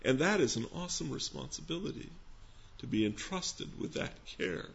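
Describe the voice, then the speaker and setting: A man preaching a sermon in a gentle, conversational teaching manner, posing questions to his listeners. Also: on the high side, animated, moderate pace, vocal fry, highs cut off, slight background noise. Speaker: pastor.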